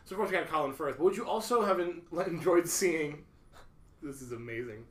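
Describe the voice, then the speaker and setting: A podcast co-host in casual chat, playful and quick to laugh while listing options. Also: medium pitch, fairly bright tone, echoey room, far from the mic.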